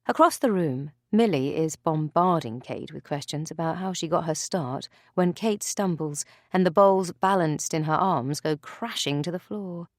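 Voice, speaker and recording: A woman reading a thriller novel aloud as narrator, in a measured, dry storytelling manner. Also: sits low, no echo. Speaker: audiobook narrator. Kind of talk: scripted narration.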